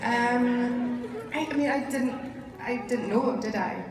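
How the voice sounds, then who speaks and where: Scottish actress on a convention stage: rambling, laughing, storytelling. Recorded from far off in a big echoey hall with constant noise. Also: female voice, fairly high pitch, a little slow. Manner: chatty, rambling, laughs often. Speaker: actor as panel guest. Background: hall ambience and noise.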